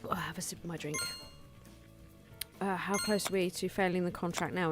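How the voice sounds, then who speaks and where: A woman with a fairly low voice talks through her game in a relaxed, thinking-aloud way. She chatters and laughs at herself as she goes. Soft music plays faintly behind her. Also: moderate pace. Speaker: gaming video host. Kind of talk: casual let's-play commentary.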